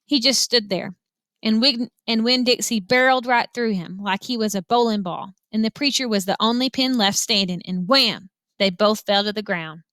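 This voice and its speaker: A woman teacher reading a novel aloud to her students, telling them to follow along, with an expressive read-aloud manner. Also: fairly high pitch, moderate pace, dry recording.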